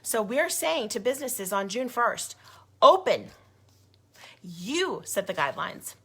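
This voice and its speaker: A woman's voice: mid-range voice, animated, normal speed, gravelly, fairly bright tone, breathy edge. A woman giving a passionate, indignant update to her group's followers, emphatic and given to repeating herself. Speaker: grassroots group leader. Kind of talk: impassioned video update.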